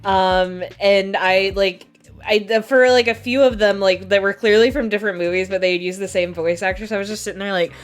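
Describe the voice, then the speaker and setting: A woman's voice: mid-range voice, steady tone, fast talker, soft background music. A woman chatting casually on a live stream, telling rambling anecdotes and laughing mid-sentence.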